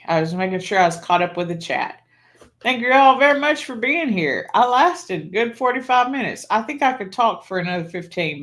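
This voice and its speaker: A woman's voice: lowish voice, fairly bright tone. A woman hosting a live stream, chatting casually and telling rambling stories between laughs. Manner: rambling, chatty storyteller who laughs often. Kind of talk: casual chat.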